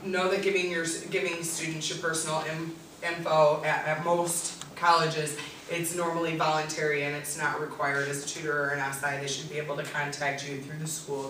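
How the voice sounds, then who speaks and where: A presenter gives a practical workshop talk to student staff, direct and steady, with frequent ums. The voice sits in the middle range. It is picked up from across a very echoey classroom with a faint hiss behind it. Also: medium pitch. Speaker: tutor and SI leader presenting. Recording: echoey room, distant mic, faint noise.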